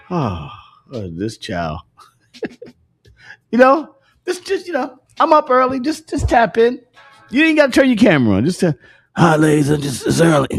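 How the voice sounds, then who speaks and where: A man's voice: very high voice, huge pitch swings, measured pace, pauses often, husky. A man hosting a casual morning livestream, joking, swearing and laughing often, with faint music behind him. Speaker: host.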